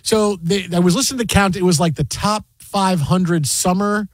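A man's voice: high voice, dry recording. A man hosting a talk radio show, joking and bantering with his co-hosts. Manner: animated, joking, quick to laugh.

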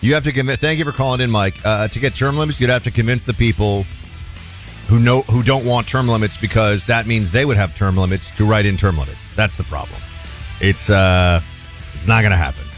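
Lower-voiced male talk radio host. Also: fairly quick, faint music behind. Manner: relaxed, opinionated, takes calls. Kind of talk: casual talk radio chat.

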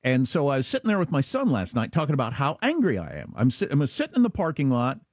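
A middle-aged man from Kansas, chatting casually as an animated storyteller with quick asides. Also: medium pitch, no room sound, clean studio sound. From Kansas, USA. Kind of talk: casual chat.

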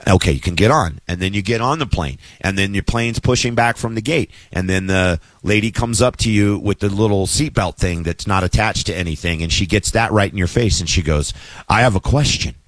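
A man's voice: deep voice, a little fast, few pauses, dry recording. A middle-aged man ranting with sarcastic exasperation in a casual monologue.

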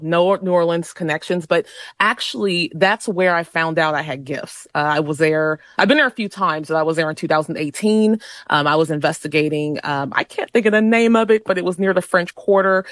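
A woman paranormal investigator guesting on a call-in show, animated, acting out quotes and often restarting her sentences. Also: fairly low pitch, dry recording, clean studio sound. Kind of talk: casual radio call-in chat.

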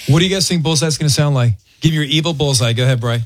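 Radio morning host, middle pitch, dry booth sound, upbeat and teasing. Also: rapid-fire, no room sound. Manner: upbeat, teasing, prompts others. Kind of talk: casual studio banter.

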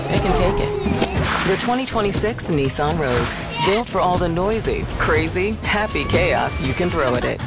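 Low-voiced woman reading a punchy car ad. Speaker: car ad voice-over. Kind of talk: punchy ad voice-over.

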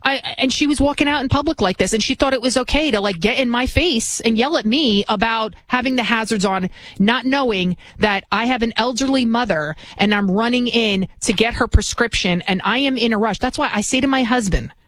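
A woman's voice: on the high side, brisk. A woman in her forties, a talk radio host, delivering an indignant, ranting monologue into a studio microphone. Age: 40s.

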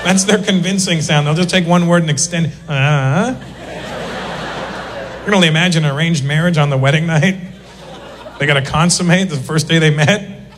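Animated stand-up comic man. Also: a little high, fast, in a large hall, noisy background. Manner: animated, mimics other people's voices. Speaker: stand-up comedian. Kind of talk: stand-up routine before a laughing crowd.

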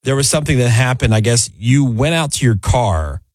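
A man's voice: mid-range voice, a little fast, no room sound. Casual man host rambling in chat. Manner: relaxed, rambling with restarts. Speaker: podcast host.

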